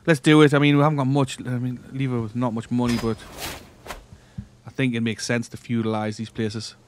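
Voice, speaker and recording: A man's voice: mid-range voice, a little fast, slight background noise. Man casually narrating a strategy game. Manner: thinking aloud, relaxed, trailing off and restarting. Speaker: gaming channel host. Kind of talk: casual let's-play commentary.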